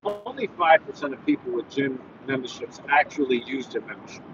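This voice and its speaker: A man's voice: mid-range voice, huge pitch swings, fairly quick, creaky, muffled recording, noisy background. A man who works as a personal trainer, chatting casually while he drives, earnest and rambling with lots of fillers. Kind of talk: casual driving vlog, talking while he drives. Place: inside a car.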